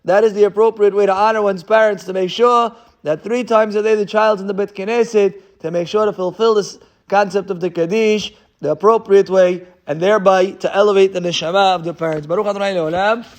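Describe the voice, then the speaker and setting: A man's voice: sits high, fairly even intonation, a little fast. A male rabbi giving a sermon, reading passages and translating each line into as he tells a story. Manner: reads Hebrew source then translates into English.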